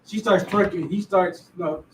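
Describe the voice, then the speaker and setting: A man in a Bible class reading scripture aloud and chatting in a relaxed, rambling way. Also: high voice, normal speed, slight background noise. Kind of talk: scripture reading and casual chat. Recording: echoey room, far from the mic.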